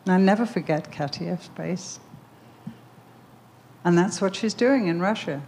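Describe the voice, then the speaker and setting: A woman's voice: on the low side, a little slow, darkish tone, a little hiss or hum. A woman preaching a sermon, telling a story with emphatic repetition before leading a prayer. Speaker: speaker at a Bible conference.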